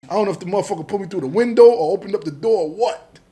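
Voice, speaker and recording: A middle-aged man from Jamaica, telling his story as a podcast guest in an animated, profane way, acting out the dialogue. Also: high voice, racing. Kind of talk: casual storytelling interview.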